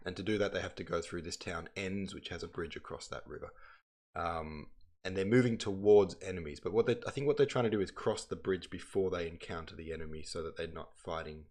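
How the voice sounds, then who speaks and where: A man's voice: low-pitched, a little fast. A man hosting a livestream, chatting in a rambling way and reading passages aloud. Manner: rambling, chatty, self-interrupting. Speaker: livestream host.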